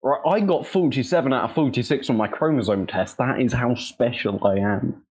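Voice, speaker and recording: Deadpan young man. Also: mid-range voice, normal speed, breathy edge. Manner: sardonic, deadpan jokes. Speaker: podcast co-host. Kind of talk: casual comedic chat.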